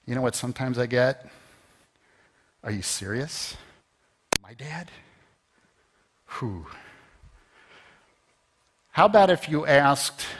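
A man's voice: medium pitch, fairly bright tone. Man preaching in a reverberant hall. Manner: conversational preaching, rising to emphatic peaks. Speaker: pastor. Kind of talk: sermon. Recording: long reverb of a large hall.

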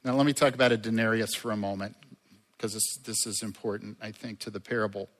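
A man preaching a sermon as a pastor, conversational and lively, with asides to the congregation. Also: on the low side, fast, in a large hall.

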